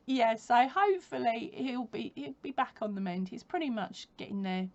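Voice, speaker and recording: A woman's voice: a little high, lively intonation, moderate pace, few pauses, highs cut off. A woman chatting casually at home for her crochet vlog, rambling, laughing often and correcting herself as she goes. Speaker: crochet vlogger. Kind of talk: casual chat.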